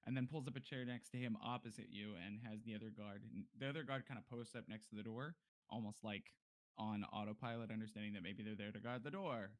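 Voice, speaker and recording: A man's voice: on the low side, quick pace. A man as game master, narrating a tabletop game in a loose, chatty way with fillers.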